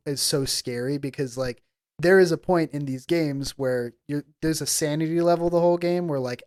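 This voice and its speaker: A man's voice: a little high, a little mellow, no echo, studio quality. A man co-hosting a casual podcast chat, telling stories animatedly with lots of filler words. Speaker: podcast co-host.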